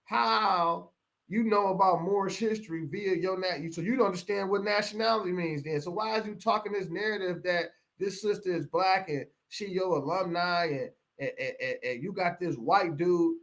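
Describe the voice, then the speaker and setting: Hosting a live broadcast, a middle-aged man from Pontiac, Michigan, launches into a fiery, preachy rant, hammering phrases through repetition. His voice is high-pitched and a bit bright, and he speaks at a moderate pace.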